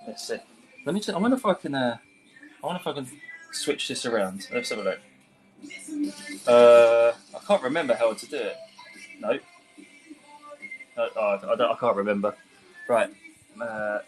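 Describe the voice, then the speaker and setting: A man's voice: medium pitch, rough recording. A young man with a London-tinged English accent, a chef chatting and laughing with viewers during a live cooking stream. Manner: chatty, laughs often, answers viewer comments.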